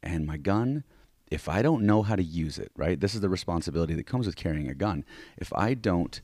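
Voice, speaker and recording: A man's voice: deep voice, expressive, brisk, darkish tone, no echo, clean studio sound. A man co-hosting a podcast in casual chat, talking animatedly with many restarts and "right?" tag questions, who teaches self-defense. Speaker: podcast co-host.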